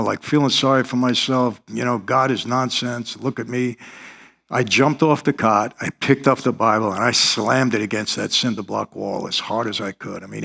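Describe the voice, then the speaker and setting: A man's voice: medium pitch, gravelly, a bit bright. A middle-aged man, telling his life story in earnest, confessional style as an interview guest. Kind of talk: interview testimony.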